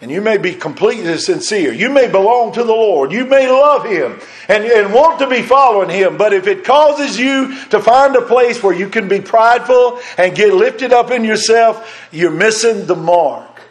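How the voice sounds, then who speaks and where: A man delivers a sermon in a fairly high voice. He is fervent, swinging between loud, pressing lines and soft, hushed ones. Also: lively intonation, moderate pace. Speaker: preacher.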